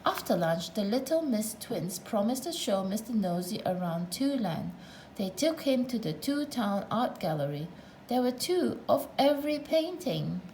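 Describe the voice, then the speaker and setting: Woman narrator, storybook read-aloud, playful asides, slightly high voice. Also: very animated, measured pace, a little mellow, a little hiss or hum, rough recording. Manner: playful, chatty asides to the listener.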